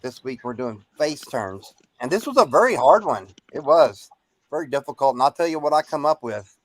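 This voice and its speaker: An upbeat man hosts a casual wrestling talk show and steers the conversation. His voice has a middle pitch. The sound is dry and close. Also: very animated, moderate pace, no room sound. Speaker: podcast host.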